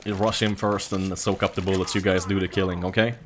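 A man with a Swedish accent talks through his match in a relaxed, profane way. His voice sits a little low, and a faint hiss runs under the mic. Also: fast. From Jämtland, Sweden. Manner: casual, swears a lot, laughs often. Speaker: gaming commentator. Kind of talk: live gameplay commentary.

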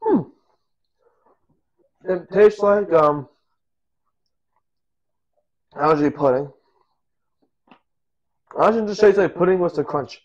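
A man's voice: high-pitched, measured pace, pauses often, dull audio. A man in his own kitchen casually narrating a cooking vlog, goofy and rambling, laughing at himself as he goes. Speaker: cooking vlogger. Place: home kitchen.

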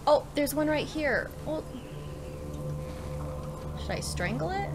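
A woman with a high voice talks through a video game she is playing, chatty and quick to swear. She flips between joking asides and panicked screaming, with game music playing clearly behind her. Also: big pitch swings. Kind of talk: let's play commentary. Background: game music and sound effects.

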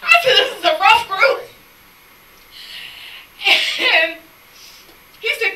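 A woman preaching a sermon, telling a lively story and acting out the people in it, sometimes shouting and laughing. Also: extremely high pitch, measured pace, long pauses. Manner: animated storytelling, acts out quoted people; shouts and laughs between lines. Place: church sanctuary. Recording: echoey church sound from a distant mic.

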